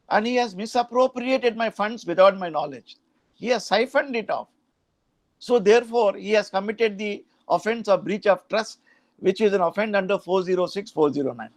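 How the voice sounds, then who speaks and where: High-voiced Indian man lecturing on law. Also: dry recording. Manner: explanatory, frequent "huh?" and "uh" asides, mixes in Hindi phrases. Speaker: law professor.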